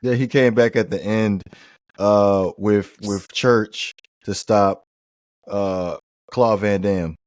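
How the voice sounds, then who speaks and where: A man's voice: on the low side, steady tone, takes it slowly, a little mellow, no room sound. A man in a casual movie chat who argues his points and often restarts his phrases.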